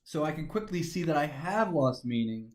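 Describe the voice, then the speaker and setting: A man's voice: fairly high pitch, very animated, normal speed. Methodical male teacher in an echoey room. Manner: methodical, talks through each step aloud. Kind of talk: recorded grammar lesson.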